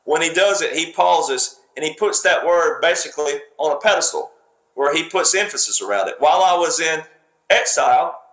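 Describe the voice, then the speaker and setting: Man, fairly high voice, emphatic, repetitive, lecturing commentary, reverberant room. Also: lively intonation, moderate pace, pushed and bright. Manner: emphatic, repetitive, speaks in fragments. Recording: roomy echo.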